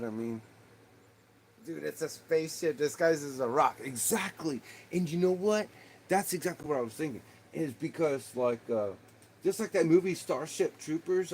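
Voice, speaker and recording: Texan man, livestream host, rambling casual talker, middle-pitched voice. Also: darkish tone, slight background noise. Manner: rambling, laughing, peppered with "dude" and "man".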